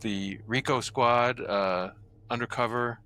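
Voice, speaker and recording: Playful bright-voiced man improvising a story. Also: medium pitch, fairly even intonation, slow, slight background noise. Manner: playful, improvises story ideas, jokey questions. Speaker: player. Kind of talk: casual tabletop game play.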